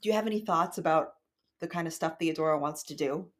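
A woman's voice: low voice, quick pace. A woman co-hosting a book discussion podcast, talking casually and analytically and reading passages aloud in a wry tone. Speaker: podcast co-host.

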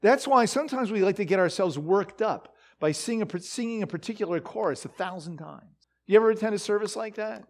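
A man preaching in a loose, conversational way, his voice sitting high and swinging widely up and down. He keeps turning to the listeners with quick questions and fills his pauses with small fillers. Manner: animated, talks to the audience with frequent fillers and rhetorical questions. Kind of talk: conversational sermon.

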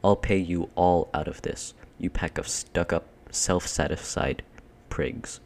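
A man's voice: low voice, steady tone, normal speed, creaky, a little mellow. A man voicing a sulky, spiteful younger boy with a sly, resentful way of talking.

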